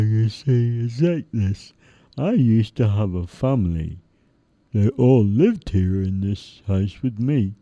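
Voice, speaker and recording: A lonely little teddy bear from a storybook, as a man puts her on, speaking in a very dark, low voice and very slowly. Every word comes out heavy. The recording is dull and muffled. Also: dry recording. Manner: slow and heavy. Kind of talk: storybook reading.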